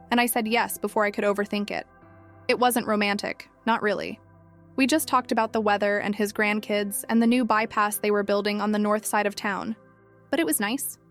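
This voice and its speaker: A middle-aged woman narrating a first-person story in a measured, reflective way. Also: medium pitch, a bit bright.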